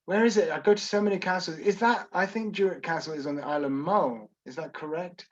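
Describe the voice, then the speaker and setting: A man's voice: a little high, a little fast, lo-fi sound. A Scottish man working as a tour guide, answering viewer questions in a chatty, self-deprecating way on a video call. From Scotland.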